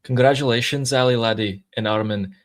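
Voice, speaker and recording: A man's voice: medium pitch, a little fast, natural voice. A man putting on a playful Scottish accent to read out a viewer's message on a livestream. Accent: Scottish (put on). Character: Scottish male commenter reading a message.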